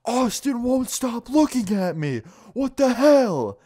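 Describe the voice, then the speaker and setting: A man's voice: very high voice, very animated, takes it slowly, mellow, voice pushed up, heavily acted. A man voicing an angry, touchy fifth-grade boy who screams accusations in a retold story. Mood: screaming angry.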